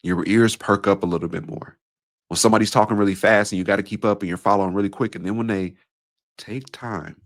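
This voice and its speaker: Deep-voiced guy, bit nasal, light southern twang, measured podcast talk. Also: creaky. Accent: slight Southern country twang. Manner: measured, deliberate, varies pace for emphasis. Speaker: podcast host and speaking coach. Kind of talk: solo podcast monologue.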